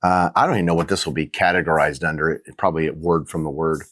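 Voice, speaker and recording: A middle-aged man talks about faith in a casual, reflective way, earnest and a little halting, often restarting his sentences. His voice sits very low. The sound is close and dry, with almost no room echo. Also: steady tone, fairly bright tone. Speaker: Christian minister.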